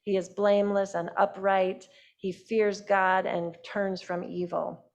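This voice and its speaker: A woman voicing a calm, dignified God in a retold story, speaking in a measured way. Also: mid-range voice, lo-fi sound.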